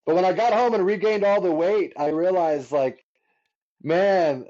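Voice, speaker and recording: A man in his thirties shares his stories in a warm, mellow voice. He laughs easily as he goes. The sound is dull and lo-fi. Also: high voice, moderate pace. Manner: laughs often while telling stories. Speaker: guest musician. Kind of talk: casual storytelling.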